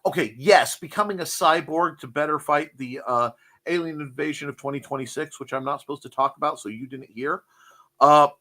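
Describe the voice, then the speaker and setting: A man's voice: a little high, fairly quick, bright, forceful tone. A man hosting a casual morning show, joking, rambling and reading out chat messages. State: cold.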